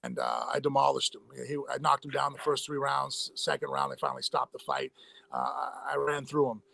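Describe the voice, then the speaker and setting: A man telling a long personal story in a casual interview, in a rapid, rambling way with many fillers and restarts. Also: medium pitch, creaky, pushed and bright. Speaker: interview guest, former fighter.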